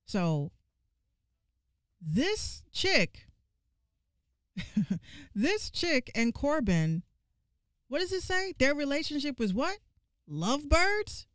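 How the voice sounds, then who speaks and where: A woman rants through casual gaming commentary, swearing freely and repeating herself for emphasis. Her voice sits a little high and swings widely in pitch. The sound is close and dry. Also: very slow, long pauses, no echo. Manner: animated, profane, exasperated ranting; vernacular, repeats lines for emphasis.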